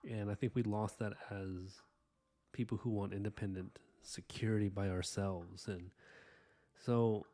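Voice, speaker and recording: A man's voice: on the low side, steady tone, unhurried. Rambling, earnest man on a live stream. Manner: earnest, rambling, warm-hearted thanks to viewers; frequent fillers and soft asides. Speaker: live-stream artist host. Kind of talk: casual live-stream chat while inking.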